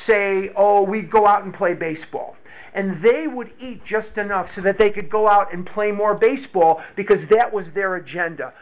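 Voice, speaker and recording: A man sharing a candid personal story of recovery, slow and reflective, often repeating his words. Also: high voice. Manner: candid and confessional. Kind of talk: personal testimony to a group. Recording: tinny phone-like recording.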